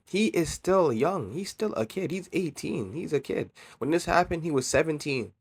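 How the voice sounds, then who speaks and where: A man's voice: on the high side, expressive, moderate pace, few pauses, slightly rough, dry recording. A man reacting bluntly in casual commentary, swearing freely and using street slang. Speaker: co-host.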